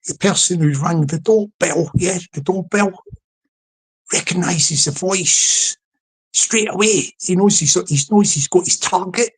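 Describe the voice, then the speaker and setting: Hosting a late-night solo live stream, a London-accented man spins a comic story in a husky voice pitched a little high. He rambles, halts and restarts often, breaking off for asides and greetings to people in the chat.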